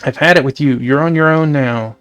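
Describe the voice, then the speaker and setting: A man's voice: on the high side, brisk, a bit bright, clean tone, dry recording, natural voice. A man voicing a cranky young boy who complains in a whiny, exasperated way. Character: cranky young boy, a reluctant bodyguard brother.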